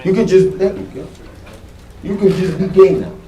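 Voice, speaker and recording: A man's voice: high voice, normal speed, distant mic. A man doing stand-up comedy, brash and profane, riffing with the audience in a comedy club. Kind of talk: stand-up comedy with crowd work. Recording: echoey club with loud crowd laughter.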